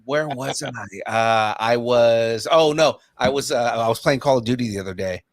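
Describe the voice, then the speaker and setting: A man hosting a podcast, chatting casually and telling stories in a rambling, animated way with many restarts. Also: medium pitch, normal speed, dry recording, studio quality. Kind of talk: casual chat.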